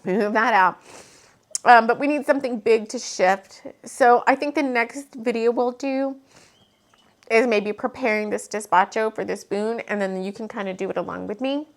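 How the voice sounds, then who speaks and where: A woman whose voice is on the high side speaks at a moderate pace in a casual spiritual video from her home. Reading tarot and channeling messages to the camera, she's earnest and meandering, eventually growing emotional. It's recorded with the camera mic.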